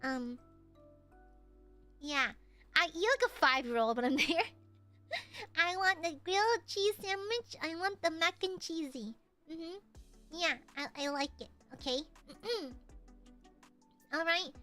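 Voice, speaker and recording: A woman streamer chatting casually and thanking viewers for super chats, playful and prone to sudden shouting. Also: extremely high pitch, slow, pauses often, faint music behind. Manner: playful, bursts into shouts and laughter.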